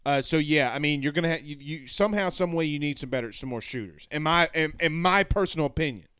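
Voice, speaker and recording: A man's voice: a little high, fast, fairly bright tone, clean tone, no room sound, clean studio sound. A man hosting a sports stream, reading viewer comments in a rambling, folksy way and correcting himself often. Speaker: sports show host. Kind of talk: casual live-stream chat reading comments.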